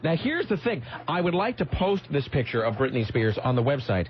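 This radio host's voice sits a little high, and he talks fairly quickly with a very animated energy. Broadcasting morning banter from the studio, he rambles through stories, cutting himself off and revising as he goes, all over a slightly muffled signal with faint noise.

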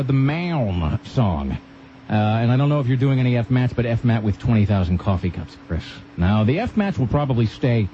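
A man hosting a radio talk show, rambling and sarcastic with vivid comic asides. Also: medium pitch. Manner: rambling, sarcastic, animated impressions. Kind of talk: casual radio banter. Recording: dull radio broadcast with faint hiss.

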